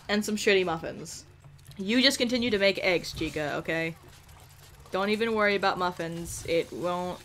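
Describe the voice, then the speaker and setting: A young woman giving casual, animated commentary over a life-simulation game, swearing often and scolding the characters. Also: mid-range voice. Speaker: gameplay commentator.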